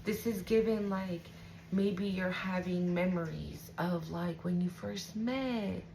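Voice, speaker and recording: A woman with a lowish, slow voice, vocal fry and a dark tone does an intuitive tarot reading for her viewers over a low-quality recording with a little hiss or hum. She's casual and emotional, swears freely, and keeps checking in with "right?"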